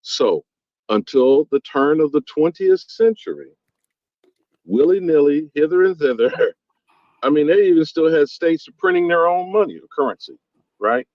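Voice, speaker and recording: A man's voice: on the high side, lively intonation, unhurried, no echo. A man in a casual discussion, asking probing questions. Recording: dull lo-fi audio.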